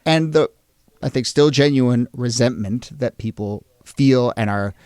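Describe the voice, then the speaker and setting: A man's voice: medium pitch, measured pace, darkish tone, dry recording, studio quality. A man co-hosting a history podcast, earnest and reflective, stressing key words as he makes his points. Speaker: co-host of a history show. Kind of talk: analytical podcast discussion.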